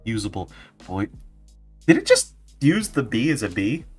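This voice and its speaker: A man's voice: mid-range voice, sing-song, normal speed, slightly rough, soft background music. A man streaming as a vtuber, chatting casually and playfully with his viewers and laughing often. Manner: giggly, playful, reacting to chat. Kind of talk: casual livestream chat.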